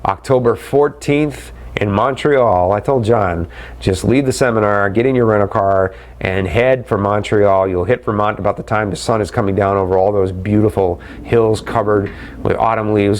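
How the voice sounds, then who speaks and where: A middle-aged man hosting a live webcast, chatty and upbeat as he answers viewer questions and calls them guys. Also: medium pitch.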